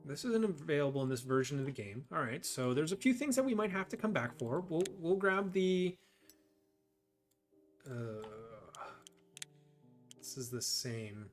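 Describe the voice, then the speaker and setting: A man's voice: a little high, big pitch swings, unhurried, long pauses, faint music behind. Joking man narrating his game. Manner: joking, loose, thinking out loud. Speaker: gameplay host. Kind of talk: let's play commentary.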